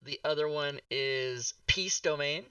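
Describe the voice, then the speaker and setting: A man's voice: fairly high pitch, measured pace, bright, forceful tone, smooth, no echo, recorded from a distance. A man hosting a casual talk show about a tabletop game book, joking, swearing and laughing as he goes.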